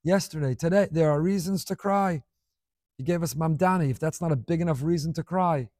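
A middle-aged man delivers an impassioned sermon, voice rising and falling sharply in loudness. His voice sits somewhat high for a man. The recording is dry and close. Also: a little fast, no room sound. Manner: impassioned, dramatic swings in volume. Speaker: rabbi.

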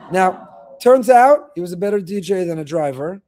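A middle-aged man, a rabbi, giving a weekly faith talk, telling stories with animated delivery and repeating phrases for emphasis. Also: high voice, moderate pace, a faint crowd.

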